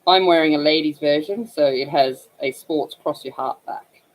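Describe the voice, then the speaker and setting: A woman's voice: sits low, normal speed, rough recording. A woman with an Australian accent, hosting a casual livestream and chatting to viewers about slang while she colors. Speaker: livestream host.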